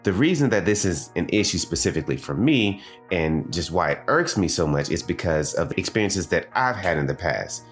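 A Southern American man hosts a casual review show in a low voice. He swings his pitch around a lot as he chats and drifts into tangents. Soft music plays faintly behind him. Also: sing-song, fairly quick, few pauses. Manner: conversational, with digressions and asides to the audience. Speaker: anime reviewer and podcast host.

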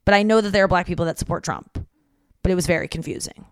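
A woman's voice: lowish voice, fast talker, clean tone, no echo. A woman hosting a comedy podcast alone, rambling casually from home with plenty of swearing and acted-out conversations. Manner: rambling and profane, acts out conversations. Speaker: podcast host. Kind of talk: casual solo comedy monologue.

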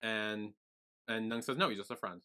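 A man's voice: on the low side, fairly even intonation, normal speed, sharp tone. A man co-hosting a podcast, summarizing plot in an easygoing casual chat. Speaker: podcast co-host.

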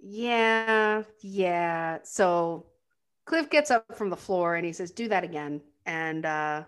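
A woman co-hosting a casual film podcast, retelling scenes with animated quotes and laughter. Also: lowish voice, slow pace, smooth. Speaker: podcast co-host. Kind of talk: casual film recap chat.

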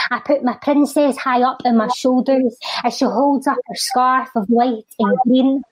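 A woman's voice: on the high side, darkish tone, no room sound, rough recording. Scottish woman, rhythmic spoken word delivery. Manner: rhythmic recital, then quick chatty talk. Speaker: charity guest and spoken word poet. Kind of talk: spoken word poem and casual chat.

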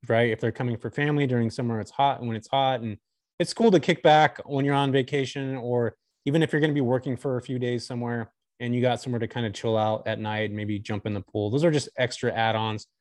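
A man's voice: medium pitch, steady tone, fast, a little mellow, dry recording, clean studio sound. A man talking candidly and enthusiastically as a guest on a casual podcast chat. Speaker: guest, short-term rental host.

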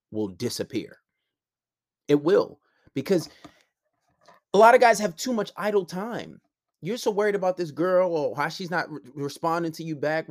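A male podcast host giving casual advice to listeners in a rambling, self-correcting way. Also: medium pitch.

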